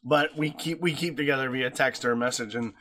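A man co-hosting a podcast, telling stories in an animated, joking, profane way. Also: medium pitch, brisk, a little hiss or hum. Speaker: podcast co-host. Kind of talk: casual chat, storytelling.

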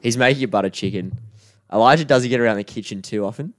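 A man's voice: mid-range voice, fast, no room sound. A man co-hosting a podcast, telling a story in a casual, laid-back way. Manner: laid-back storytelling, quotes a mate in put-on voices. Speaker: podcast co-host. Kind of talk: casual chat.

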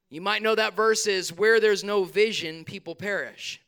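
A male pastor preaches in a church, talking to the congregation in a loose, conversational way. His voice sits high and sounds bright, smooth and clear. He acts out his own prayers and other people's lines as he goes. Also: moderate pace, few pauses. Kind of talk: sermon. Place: church sanctuary.

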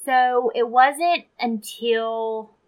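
A woman's voice: fairly high pitch, fairly even intonation, extremely slow, poor audio. A woman co-hosting a podcast, retelling a story from her research in casual chat with asides. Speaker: podcast co-host.

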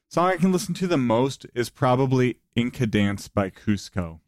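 A man talking as a musician guest in a casual podcast chat, relaxed and loose, with lots of "like" fillers. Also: mid-range voice, normal speed, few pauses, clean tone, no echo, clean studio sound. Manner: relaxed, heavy use of "like" fillers.

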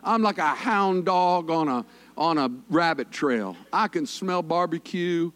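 A man's voice: on the high side, unhurried, fairly bright tone. A man preaching a conversational sermon, folksy and joking with the congregation. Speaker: pastor.

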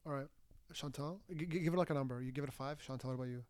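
A man's voice: mid-range voice, very fast, darkish tone. A young man hosting a podcast in casual chat, talking in loose bursts full of fillers and uneasy laughs. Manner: chatty, many fillers, nervous laughs. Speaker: podcast host.

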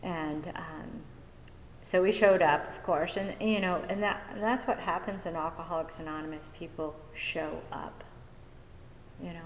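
A woman giving a personal testimony from a podium at a recovery meeting, talking haltingly with many fillers and restarts. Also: fairly low pitch, slight background noise. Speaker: speaker sharing at a recovery meeting. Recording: echoey hall with long reverb.

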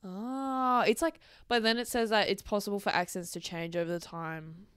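Bright, chatty Australian young woman. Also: mid-range voice, fairly even intonation, normal speed, clean tone, no echo, studio quality. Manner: chatty, swears freely, rambling asides. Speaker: podcast host. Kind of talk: casual solo podcast chat.

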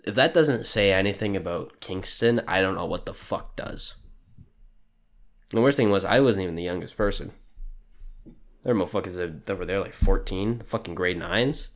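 Ranting young man, low voice. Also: moderate pace. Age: young adult. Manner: crude, sardonic, ranting. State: sleep deprived. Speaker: podcast host. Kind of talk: profane solo rant.

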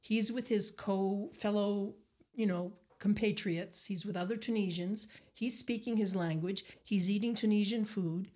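An older woman from Nova Scotia, a guest telling animated stories in an interview, acting out the people she quotes. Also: medium pitch, unhurried. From Nova Scotia, Canada. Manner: animated anecdotes, acts out quoted voices. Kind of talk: storytelling interview.

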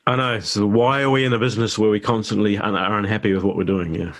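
A middle-aged man with a New Zealand accent, chatting as a guest actor in an interview, relaxed and self-deprecating. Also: lowish voice, fast talker. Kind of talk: casual interview chat.

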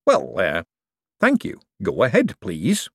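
A man voicing an excitable young male inventor who speaks eagerly and breathlessly. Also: low-pitched, takes it slowly, slightly rough, no room sound, clean studio sound, exaggerated voice.

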